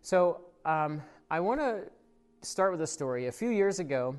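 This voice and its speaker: A man preaching a sermon as a pastor, in an easy conversational way. He tells stories full of filler words. His voice swells when he gets excited and drops quiet when he reflects, in a church service recorded for people watching online. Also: on the high side, normal speed, clean tone, faint music behind. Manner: conversational storytelling with frequent fillers; grows animated and louder in the story, soft when reflecting.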